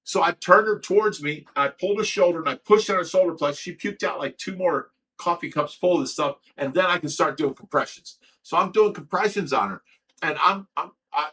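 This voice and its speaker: A man's voice: sits high, a little fast, pushed and bright, husky, recorded from a distance. A man hosting a livestream, telling a long personal story in a rambling way, stammering and repeating himself with lots of fillers. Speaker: livestream host of a fish rescue.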